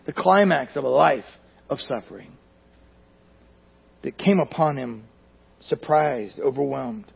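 A man preaching a sermon in a church, speaking emphatically and often sinking to near-quiet at the ends of phrases. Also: a little high, animated, takes it slowly, vocal fry, slightly rough. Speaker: pastor. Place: church sanctuary. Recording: dull lo-fi recording.

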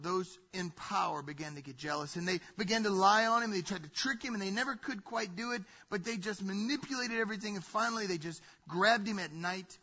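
A male pastor preaching a sermon, telling the story in an animated way that swings between loud and hushed. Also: sits high, dull audio.

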